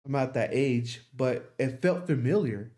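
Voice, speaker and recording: A man's voice: mid-range voice, unhurried, warm tone. A young man in casual podcast talk, rambling through a long story with lots of swearing. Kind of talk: casual chat.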